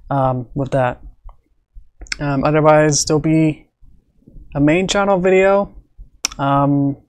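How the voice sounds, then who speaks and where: A man streaming live, chatting casually and rambling with lots of fillers and little laughs. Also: a little high. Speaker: streamer and animator. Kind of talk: casual livestream chat.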